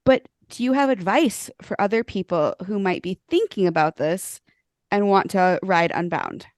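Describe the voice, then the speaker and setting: A woman's voice: medium pitch, moderate pace, darkish tone, dry recording. A woman hosting an interview, asking upbeat and encouraging questions. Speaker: host. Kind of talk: interview, casual chat.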